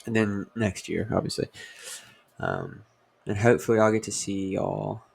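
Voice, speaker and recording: A young man with a very low, gravelly voice, drifting through a loose comedy monologue. He keeps stopping to correct himself and stacks up ums and you-knows as he goes. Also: wildly swooping pitch, normal speed, a little mellow. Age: young adult. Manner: meandering, filler-heavy, self-correcting. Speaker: comedian host. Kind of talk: casual rambling monologue.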